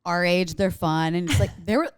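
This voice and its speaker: A woman's voice: on the low side, steady tone, moderate pace, clear, resonant tone, no room sound, clean studio sound. A young woman, co-hosting a podcast and chatting in a giggly, casual way. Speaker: podcast co-host. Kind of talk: casual chat.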